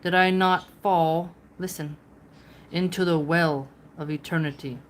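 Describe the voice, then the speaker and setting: A woman reading the words of an old male sage who muses aloud to himself, with slow, measured delivery. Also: on the low side, steady tone, close to an everyday voice. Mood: musing.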